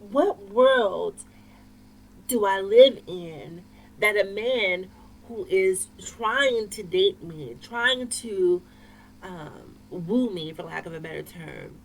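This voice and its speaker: A woman vlogger telling a personal story to camera in an expressive, emphatic way with wry asides. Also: mid-range voice, slow pace, gravelly, poor audio.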